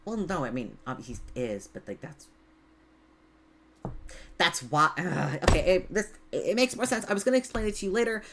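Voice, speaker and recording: A woman's voice: fairly low pitch, animated, normal speed, background noise. A woman voicing a flustered young woman adventurer who stammers and restarts, in a tabletop game.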